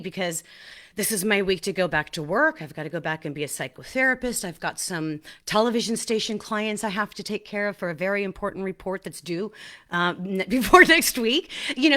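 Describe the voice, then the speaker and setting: A woman hosting her own podcast in a casual, animated solo talk, laughing at herself and often restarting her sentences. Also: fairly low pitch. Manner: excited restarts and repeated words. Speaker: podcast host.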